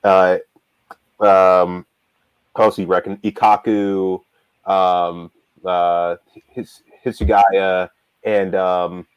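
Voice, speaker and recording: A man's voice: deep voice, level tone, extremely slow, pauses often, clean tone, no echo, highs cut off. A man co-hosting a casual talk show, rambling animatedly with lots of fillers and restarts. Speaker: manga reader and show co-host. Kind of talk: casual discussion.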